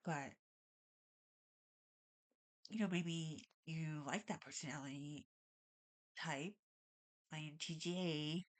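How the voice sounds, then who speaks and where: A woman's voice: deep voice, slow pace, pauses often. A woman vlogging casually at home, rambling and saying "like" a lot, with a stuffy nose and audible breathing. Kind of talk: casual talk to camera. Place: at home, alone.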